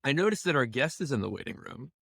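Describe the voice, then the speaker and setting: Man, co-host, bright edgy voice, wry teasing banter, dry sound. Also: mid-range voice, very animated, fast, creaky, slightly rough, dry recording. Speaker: podcast co-host. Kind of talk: casual chat.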